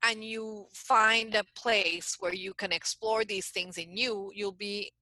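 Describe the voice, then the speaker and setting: Middle-aged lady coach, bright tone, dry close mic, lots of restarts. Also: medium pitch, slow pace, no echo, low-quality recording. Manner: animated storyteller, many restarts. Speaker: guest coach. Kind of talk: casual podcast interview.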